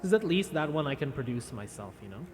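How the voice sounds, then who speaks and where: A man's voice: mid-range voice, big pitch swings, fast talker, soft background music. A man chatting casually with viewers on a live stream, rambling and self-deprecating. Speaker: VTuber streamer.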